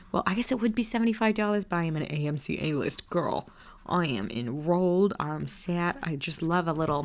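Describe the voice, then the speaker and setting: A woman doing a whispered role-play as a wild, gossipy, unhinged aunt, rambling and chatty, slipping in and out of a whisper on a close mic. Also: fairly low pitch. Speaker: ASMR creator.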